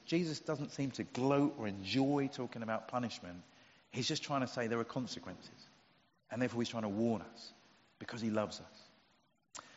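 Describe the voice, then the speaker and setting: Middle-aged male preacher, easygoing and funny, dull recording with a long church echo. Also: medium pitch. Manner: conversational, humorous, emphatic. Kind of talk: sermon. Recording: dull sound with long hall reverb.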